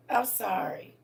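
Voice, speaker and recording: Laughing and exclaiming to her audience, an older woman talks emotionally while hosting a laid-back livestream. Her voice sounds slightly far from the microphone.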